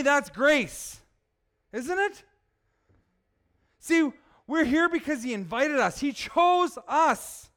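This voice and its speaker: A man's voice: extremely high pitch, a bit bright, clean tone. A man preaching a sermon in church, emphatic and often asking the congregation questions. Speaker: pastor.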